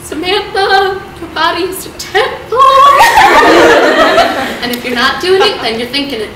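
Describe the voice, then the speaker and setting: A young woman acting out her overprotective, worried mother who pleads and preaches in a voice that climbs to shrill. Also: lively intonation, a little slow. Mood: pleading. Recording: echoey hall from far off, loud noise.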